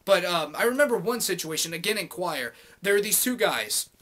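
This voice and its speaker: A man's voice: high voice, very animated, brisk, sharp tone. Profane young man ranting to camera. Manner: swears constantly, heated and sarcastic. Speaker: vlogger. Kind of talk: profane casual rant.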